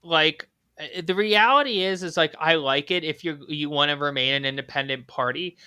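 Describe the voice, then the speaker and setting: Podcast host, bright high voice, dry sound, profane rambling questions. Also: male voice, normal speed, clear, resonant tone, no echo. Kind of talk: casual political podcast chat.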